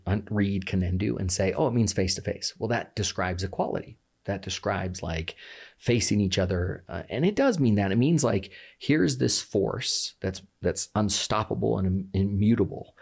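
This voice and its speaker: Gravelly man, lively swooping pitch, emphatic, casual and chatty. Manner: passionate, emphatic, fond of rhetorical "right?". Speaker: guest explaining scripture. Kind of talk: casual conversational explanation.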